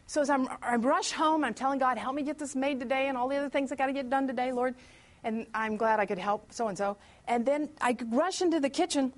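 High-voiced woman telling a church testimony. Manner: chatty storyteller who pauses to greet latecomers; acts out her own prayers and thoughts aloud. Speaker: speaker at a church meeting. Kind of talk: personal testimony told as a story.

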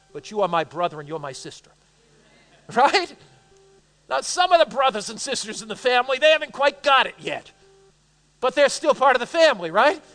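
High, bright-voiced American preacher in a big hall. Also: male voice. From United States. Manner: call-and-response, joking with the audience. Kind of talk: sermon. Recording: long hall reverb.

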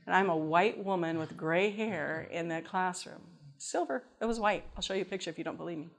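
Woman telling a lively faith testimony. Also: fairly low pitch, fairly quick. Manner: lively storyteller who acts out voices and laughs. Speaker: former GED lab teacher giving testimony. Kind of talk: spoken testimony to an audience.

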